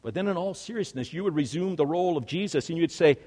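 Man, slightly high voice, earnest first-person sermon, long hall reverb. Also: animated, quick pace, few pauses. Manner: earnest, swings between hushed and loud.

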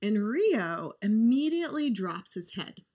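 An earnest woman shares a heartfelt story in a relaxed podcast conversation. Her pitch sits in a middle range, and she talks steadily and warmly, the way people do in casual storytelling. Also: measured pace. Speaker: podcast guest.

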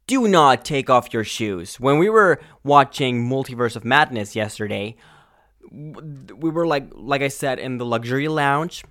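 A male podcast host ranting angrily and profanely in a casual monologue, full of fillers and sudden loud outbursts. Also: medium pitch, lively intonation, a little slow, no echo, clean studio sound. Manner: angry, exasperated, profane.

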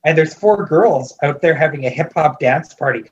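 On lo-fi audio, a fairly high-pitched male podcast co-host goes over a movie at an ordinary pace. He chats casually and rambles, full of fillers and restarts, clearly entertained and disbelieving.

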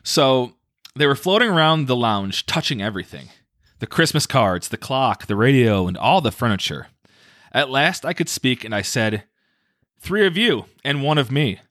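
Lively man reading aloud with jokey asides. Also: medium pitch, moderate pace, no echo, studio quality. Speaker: podcast host reading a story. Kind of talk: casual podcast chat.

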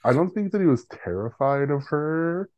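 A man co-hosting a casual podcast, his voice dark and mellow. He rambles with plenty of fillers and drops into quick impressions of characters. The sound is close and dry. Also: a little high, expressive, dry recording, muffled recording. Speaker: podcast co-host.

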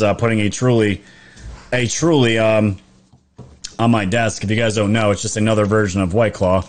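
A man, chatting casually on a live stream, reading viewer comments, laughing often and restarting his sentences. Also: medium pitch. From New York.

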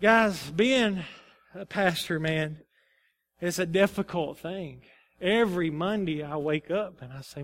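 A man's voice: high-pitched, unhurried, fairly bright tone. A male pastor preaching a sermon, emphatic and personal in turns. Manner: emphatic, then confessional and subdued.

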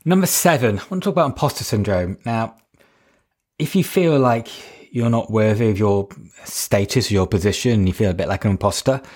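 A man's voice: on the low side, expressive, a little fast, darkish tone. A man with a northern English accent, a coach hosting his podcast in a casual, chatty monologue full of fillers and self-deprecating asides. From Northern England.

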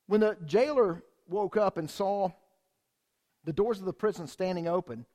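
A man with a high voice preaches to his congregation in a church. He talks in a lively, conversational way and keeps throwing rhetorical questions at the listeners. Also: moderate pace. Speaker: pastor. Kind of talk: sermon.

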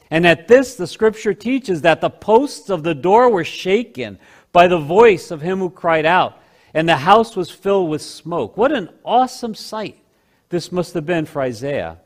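In a sermon, a preacher slows down to stress key phrases and swings between loud and hushed delivery. His voice is a little high and expressive.

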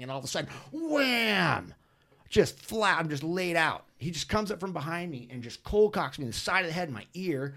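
A middle-aged man on a podcast, telling a story with excitement, acting out quotes loudly and filling with "like" and "you know". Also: a little high, a little fast. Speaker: podcast guest. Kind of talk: animated storytelling.

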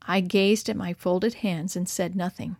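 Woman narrator for a children's story, animated reading, dry booth sound. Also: lowish voice, measured pace, creaky, no room sound. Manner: expressive, lively reading of dialogue.

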